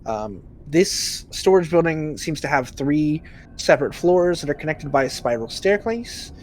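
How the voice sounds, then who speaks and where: A man narrating a tabletop game as game master, relaxed and filler-laden. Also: a little high, a little slow, slight background noise.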